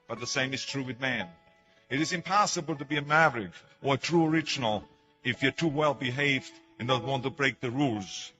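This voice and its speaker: An older man whose first language is German, with an Austrian German accent, delivers an emphatic motivational speech packed with stories. His medium-pitched voice has a sharp tone on a lo-fi recording, and as a public speaker he acts out quotes.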